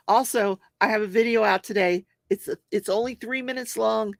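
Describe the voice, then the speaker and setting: Her voice is a little high and creaky, holding a steady tone at a moderate pace with hardly any pauses. She's an older woman hosting a crafting and true-crime talk show on a casual livestream, laughing often as she crafts and reads viewer comments aloud, recorded in clean studio sound with no echo.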